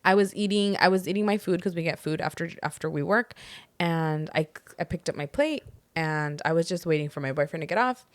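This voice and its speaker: A woman's voice: lowish voice, brisk, dry recording. A young woman co-hosting a podcast, animatedly retelling a work story with heavy "like" filler and Spanish phrases mixed in. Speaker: podcast co-host. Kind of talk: casual storytelling chat.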